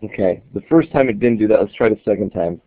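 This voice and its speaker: Fast-talking and animated, a man with a lowish voice reviews an app through a screen-recorded walkthrough, casually explaining and thinking aloud during the demo. The recording is dry, tinny and phone-like.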